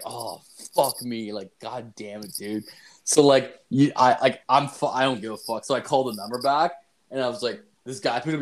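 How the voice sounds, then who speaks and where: A man's voice: medium pitch, background noise. A man co-hosting a podcast, telling rambling anecdotes full of swearing in casual chat. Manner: profane rambling storytelling. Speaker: podcast co-host.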